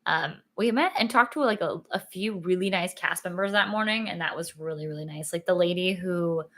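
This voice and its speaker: A woman's voice: lowish voice, brisk, fairly bright tone. Chatty, sleepy young woman vlogger. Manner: rambling, chatty, lots of "like" and "um". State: sleepy, yawning. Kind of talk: casual sit-down vlog chat.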